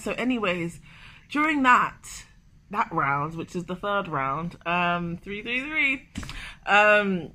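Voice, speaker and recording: Bright-voiced chatty young woman. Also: medium pitch, a little hiss or hum. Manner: chatty and emotional, full of "like". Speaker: vlogger. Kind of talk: casual confessional vlog storytelling.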